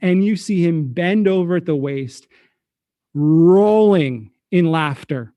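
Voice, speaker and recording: A man narrating as game master for a tabletop game, relaxed and a little hesitant. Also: on the high side, slow pace, no room sound.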